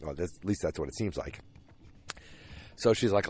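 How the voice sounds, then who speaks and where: A man's voice: deep voice, lively intonation, normal speed, darkish tone. A man hosting a podcast, recapping an episode casually with rambling asides, many fillers and restarts, acting out the characters' lines as he goes. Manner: rambling, retells scenes in quoted voices, many fillers and restarts. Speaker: podcast host.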